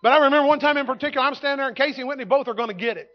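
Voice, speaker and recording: A man, preaching a sermon in a folksy storytelling way that swings from loud to hushed. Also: very high voice, rapid-fire, dull audio. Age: 50s. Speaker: pastor. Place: church sanctuary.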